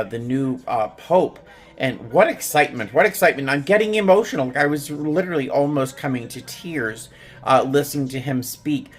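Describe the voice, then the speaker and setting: Soft-spoken middle-aged man rambling heartfelt. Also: medium pitch. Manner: rambling, heartfelt, with many fillers and restarts. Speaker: vlogger. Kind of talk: casual personal vlog. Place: small home studio room at night.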